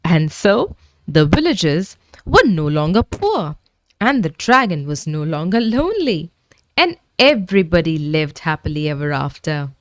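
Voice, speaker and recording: A woman reading a bedtime story aloud to children in a gentle, expressive manner. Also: deep voice, unhurried, no room sound, clean studio sound.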